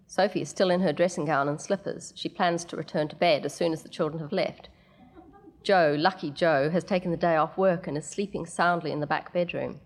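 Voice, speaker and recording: A woman narrating a story aloud in a measured way, with the odd casual aside. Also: deep voice, steady tone.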